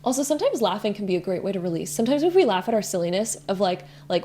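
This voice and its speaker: Chatty young woman, mellow voice, tarot reading. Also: medium pitch, very fast, few pauses, a little hiss or hum. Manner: chatty, laughs at herself, over-explains with many likes. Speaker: tarot reader. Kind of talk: casual spiritual card reading.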